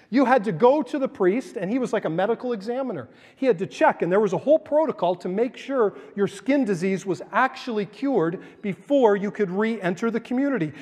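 A man preaching as a pastor, reading scripture and then explaining it conversationally, with lively acted-out quotes. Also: sits high, long reverb tail. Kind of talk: sermon. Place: church sanctuary.

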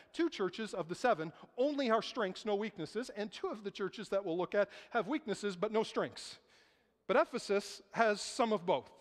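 High-voiced pastor in a reverberant hall. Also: male voice. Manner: conversational, rhetorical questions. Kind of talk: sermon. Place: church sanctuary.

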